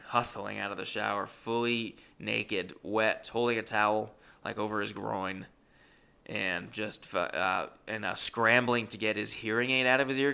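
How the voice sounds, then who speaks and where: A young man tells rambling comic stories, often breaking off mid-sentence and swearing casually. His voice is gravelly, with a bright, forward edge. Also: lowish voice. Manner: rambling, swearing, self-interrupting. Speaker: comedian.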